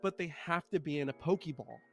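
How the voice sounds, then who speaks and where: A man imitating a soft-spoken, polite young woman with a British-sounding voice while retelling a story. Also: a little high, fast talker, faint music behind. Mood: polite calm.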